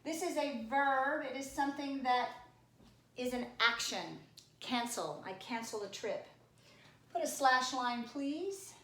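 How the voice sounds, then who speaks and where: A woman teacher giving a recorded spelling lesson, playful and teasing, sounding words out slowly. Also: high voice, expressive, bright, forceful tone, reverberant.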